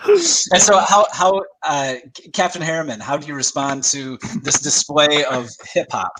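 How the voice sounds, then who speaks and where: A man running a tabletop game as game master, narrating quickly and filling gaps with "like" and "uh". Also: a little high, expressive, sharp tone, low-quality recording.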